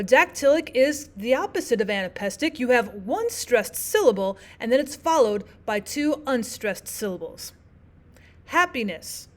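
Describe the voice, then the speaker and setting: Explaining terms step by step, a woman delivers a recorded lesson in a clear, methodical manner, restating the key points along the way. Her voice is on the high side.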